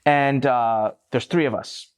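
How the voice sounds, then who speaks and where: A man's voice: mid-range voice, steady tone, slow pace, clear, resonant tone. A man in his forties, a guest entrepreneur, telling an anecdote casually and animatedly, swearing freely and acting out voices.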